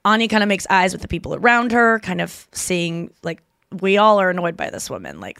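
A woman's voice: on the low side, a bit bright, no echo, clean studio sound. A woman in her thirties hosting a podcast, chatting casually and retelling stories with quoted voices. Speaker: podcast host and comedian.

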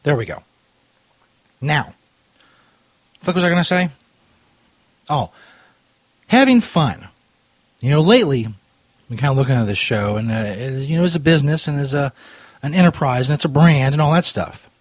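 A man's voice: fairly high pitch, animated, normal speed, pauses often, dry recording. A man hosting a prank call show, rambling crudely and loosely while drinking, talking into a studio mic. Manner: profane, loose and tipsy, drifting off topic. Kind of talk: crude rambling radio banter.

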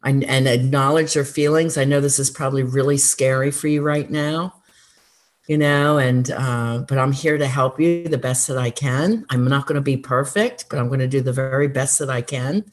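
A woman who worked as a school counselor, giving earnest, encouraging advice in a relaxed interview, with frequent fillers. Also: extremely low pitch, moderate pace. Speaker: former school counselor, guest. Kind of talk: conversational interview answers.

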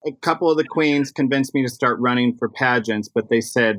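Chatty man with a bright, dry voice. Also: mid-range voice, brisk, few pauses, no room sound. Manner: animated storytelling, chatty with fillers. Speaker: drag performer, guest. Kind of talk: casual interview chat.

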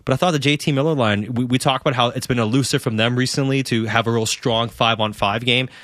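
Male sports radio host, quick emphatic delivery, dry close sound. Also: mid-range voice, steady tone, a bit bright, no room sound. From Canada. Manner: emphatic, rhetorical questions. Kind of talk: post-game call-in show chat.

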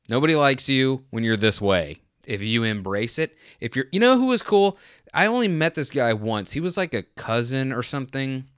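A young adult man in a casual comedic rant, animated and exasperated, mocking other drivers. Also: fairly low pitch, smooth, no echo, clean studio sound.

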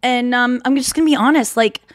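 A woman's voice: on the high side, fairly quick, dry recording, studio quality. A woman hosting her own podcast, talking in a rambling, self-correcting, confessional way. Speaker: podcast host. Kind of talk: casual chat.

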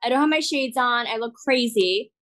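Hungover woman, blunt and slightly high. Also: normal speed, a bit bright. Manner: blunt and laughing. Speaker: podcast co-host. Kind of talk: casual chat.

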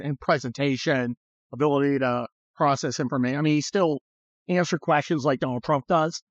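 A podcast host with a slightly high voice chats bluntly and sarcastically about politics, swearing now and then and slipping into mocking voices. The recording is muffled, with no room sound.

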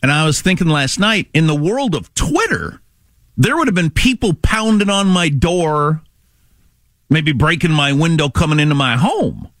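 Lively-pitched middle-aged man rambling on talk radio. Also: moderate pace, no echo, studio quality. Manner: rambling, conversational storytelling. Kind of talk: casual talk radio chat.

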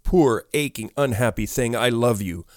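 A man's voice: medium pitch, moderate pace, no room sound, clean studio sound, natural voice. A man reading the lines of a tearful woman who speaks with compassion to a ghost. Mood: tender.

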